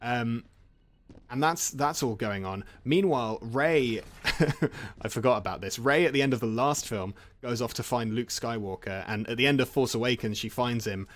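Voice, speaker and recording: A man rambles through a casual plot recap while he plays a game. He jokes, restarts and laughs often. His voice sits at an ordinary middle pitch. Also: normal speed. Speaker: gaming channel host.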